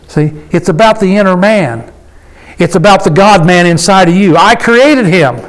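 A man's voice: high-pitched, normal speed, low-quality recording. A man preaching a conversational sermon to a small gathering, folksy and emphatic, often asking the congregation questions. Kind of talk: conversational sermon with call and response.

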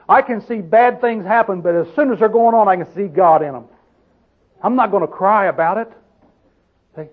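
High-voiced preacher on a tinny line. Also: male voice. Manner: asks the listeners questions constantly, slows to stress scripture. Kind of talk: sermon, Bible teaching. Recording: tinny phone-like sound.

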